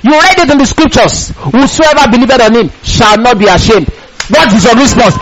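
A man preaching a sermon, emphatic and repetitive, bursting into shouts. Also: very high-pitched, expressive, moderate pace, rough recording.

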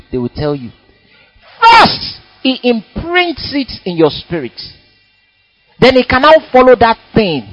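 A high-voiced male preacher delivering a sermon in church, his pitch swinging widely as he dramatizes his points. The recording is dry and close, with faint music underneath. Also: a little slow, no echo, highs cut off. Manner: animated, dramatic preaching with acted-out quotes.

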